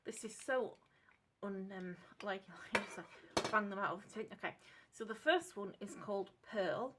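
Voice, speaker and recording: A woman's voice: mid-range voice, normal speed, heavy background noise. English lady rambling through a craft vlog, keeps correcting herself, says sorry a lot, totally unscripted. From England. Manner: chatty and rambling, corrects herself often, apologetic asides. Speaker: craft vlogger.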